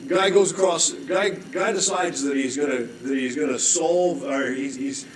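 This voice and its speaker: A middle-aged man telling a story as a guest, animated, with frequent restarts and throat-clearing. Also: medium pitch, measured pace, crowd noise. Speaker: rescue mission director, guest. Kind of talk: storytelling, conversational preaching. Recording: echoey room.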